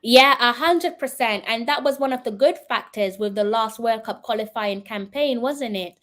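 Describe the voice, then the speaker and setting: A woman's voice: a little high, normal speed, fairly bright tone. A woman from Jamaica with a Jamaican accent, hosting a live-stream commentary, answering viewer comments in an earnest, persuasive way and talking straight to her viewers. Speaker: host.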